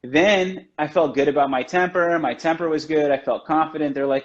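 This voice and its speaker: A man talks a little high, chatting on a video call and stringing his stories together with "like" and "you know". The audio is dull and lo-fi, as a livestream often is. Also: moderate pace. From United States. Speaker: chocolatier guest. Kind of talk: casual storytelling chat. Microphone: video call from home.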